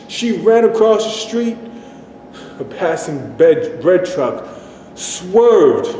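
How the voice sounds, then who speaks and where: A man performing a dramatic stage monologue, speaking haltingly and repeating himself as he recounts a disturbing memory. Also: warm tone. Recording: echoey hall, faint rumble.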